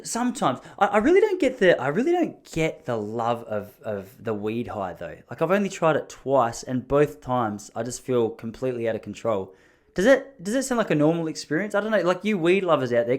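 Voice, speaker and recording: An Australian man hosting a podcast, telling stories in a casual, rambling, self-deprecating way. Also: a little high. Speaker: podcast host. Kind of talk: casual storytelling monologue.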